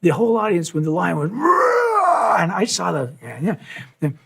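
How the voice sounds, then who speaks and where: A man's voice: a little high, a little fast, creaky, husky. A man telling a long anecdote at a live session, acting out quoted lines and sound effects as he goes. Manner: animated storyteller, acts out quotes and sounds. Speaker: musician telling a story.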